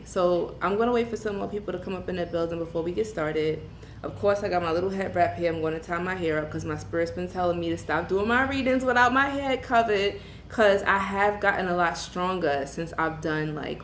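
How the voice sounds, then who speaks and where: A woman from Brooklyn, hosting a tarot livestream in casual chat and greeting viewers with slangy shout-outs. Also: on the low side, slight background noise. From Brooklyn, New York. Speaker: tarot reader livestream host. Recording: echoey room with faint ambience.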